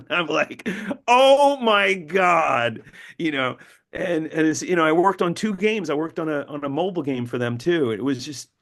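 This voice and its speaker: A middle-aged man, a novelist being interviewed, telling stories animatedly, acting out quotes and often repeating words as he restarts. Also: normal speed. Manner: animated, acts out quotes with big pitch jumps. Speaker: novelist guest.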